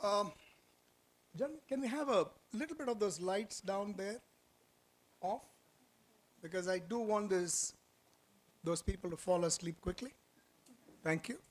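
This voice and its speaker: A man giving a lively motivational orientation talk in an auditorium, quizzing the audience and telling stories. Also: high-pitched, measured pace, long pauses. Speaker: orientation speaker.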